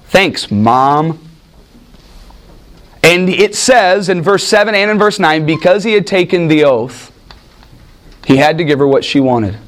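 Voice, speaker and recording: A man preaching a Bible study in an animated, joking way, asking his listeners questions. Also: sits high, normal speed. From United States. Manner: animated, jokey asides, asks the room questions. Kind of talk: teaching sermon with audience questions.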